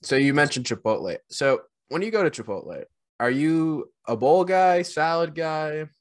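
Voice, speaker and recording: A man co-hosting a casual podcast, rambling in a self-deprecating way with animated bursts. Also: fairly high pitch, normal speed, no echo. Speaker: podcast co-host.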